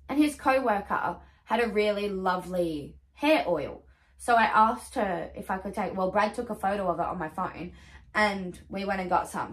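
A young woman talks through a casual haul vlog in a middle-pitched voice. She gushes, rambles and swears casually, chatty and unscripted. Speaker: vlogger.

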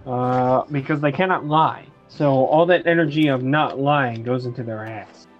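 A man's voice: mid-range voice, normal speed, muffled recording. Male sidekick on a stream, dry crude humor, faint music behind. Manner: crude, deadpan joking. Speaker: co-host friend. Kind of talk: casual banter.

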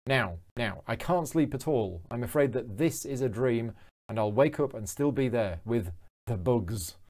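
A man voicing a frightened, angry young woman from a game, in his own mellow voice. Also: mid-range voice, expressive, a little slow, lightly acted.

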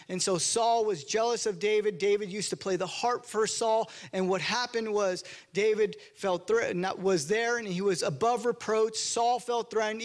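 A man with a high voice preaches from a church pulpit. He talks in a loose, conversational way and slips into the voices of the people in his story. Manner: conversational storytelling, acts out quotes. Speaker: pastor. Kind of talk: sermon.

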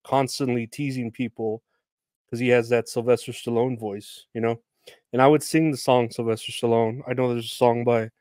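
A man's voice: medium pitch, a little mellow, no room sound. Young guy ranting on his podcast, sardonic, swears a lot, um and uh everywhere, dry close sound. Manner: rambling, sardonic and profane, full of fillers. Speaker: podcast host. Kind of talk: casual solo podcast rant.

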